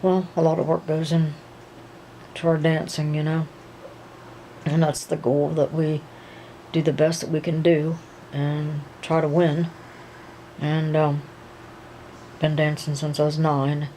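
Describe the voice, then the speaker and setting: Woman doing a soft-spoken young male dancer. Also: deep voice, level tone, a little hiss or hum, poor audio. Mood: gentle. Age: young adult. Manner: slow, soothing, hesitant with many ums. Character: young adult male dancer, gentle and reassuring.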